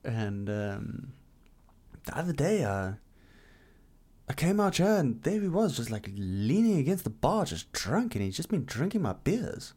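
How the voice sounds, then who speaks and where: A man's voice: medium pitch, big pitch swings, measured pace, warm tone, breathy edge. A man from South Africa co-hosting a podcast, telling rambling anecdotes in casual chat and swearing freely. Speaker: podcast co-host.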